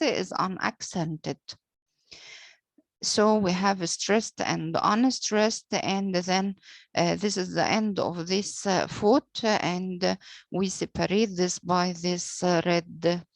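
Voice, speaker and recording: A woman whose first language is Arabic teaches English poetry meter at a very slow, deliberate pace. She pauses often with "uh" and follows British pronunciation. Her voice is recorded dry and close, with no room echo. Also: lowish voice. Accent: British-leaning English pronunciation. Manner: slow and deliberate, frequent "uh" pauses, spells out letters. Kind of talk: slow explanatory lecture.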